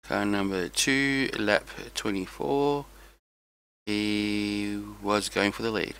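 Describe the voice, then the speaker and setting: A man's voice: fairly low pitch, fairly even intonation, slow, creaky, a bit bright, clean tone, poor audio. A tired young man chatting casually to viewers on a live stream, rambling about his race. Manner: rambling, talks to chat viewers. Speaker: sim racing streamer.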